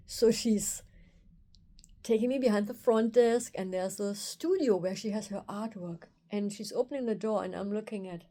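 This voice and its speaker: Woman vlogging a personal story, mellow warm voice, chatty and candid, quotes her own thoughts a lot. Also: mid-range voice, moderate pace. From Germany. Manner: candid, animated retelling with quoted inner thoughts. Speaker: osteopath and video host.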